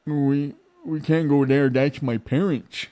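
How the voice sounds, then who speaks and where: A man's voice: on the high side, fairly even intonation, slow pace, mellow, voice pushed up. A man voicing a drunk young male passenger who stutters and slurs his words. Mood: slurred. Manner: stuttering, slurred.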